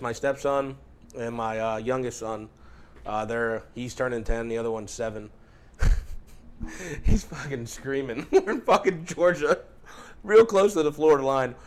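A man in his thirties hosting a podcast, telling stories casually with lots of swearing and laughter. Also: mid-range voice. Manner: profane, laughing storyteller. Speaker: podcast host, EMT.

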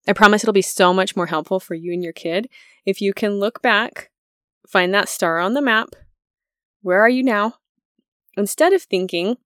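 A woman in her thirties talks through a parenting podcast in a loose, chatty way, laughing often as she goes. Her voice sits at a middling pitch. It is recorded close and dry, with no room sound behind it. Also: normal speed, a bit bright, clean tone, no room sound. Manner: conversational, laughs often, acts out quoted lines. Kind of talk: casual podcast talk.

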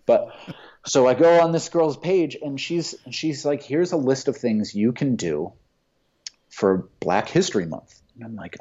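A man's voice: mid-range voice, lively intonation, a little slow, dark tone. A man talking bluntly and with heavy swearing in a casual opinionated chat. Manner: blunt, profane and emphatic. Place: Santa Monica. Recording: dull lo-fi sound.

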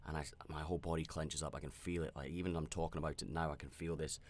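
A man's voice: a bass voice, level tone, fast talker. A man hosting a podcast, telling a personal story in a rambling, candid and reflective way, with frequent restarts and fillers. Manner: reflective and self-aware. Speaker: podcast host.

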